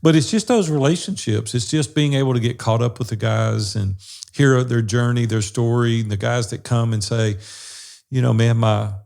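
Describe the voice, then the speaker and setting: A man's voice: medium pitch, normal speed, vocal fry. A man, co-hosting a podcast and telling stories in a folksy, casual way. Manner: warm folksy storyteller, says y'all and fixing to. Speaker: co-host of a business brotherhood podcast. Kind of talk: casual storytelling chat.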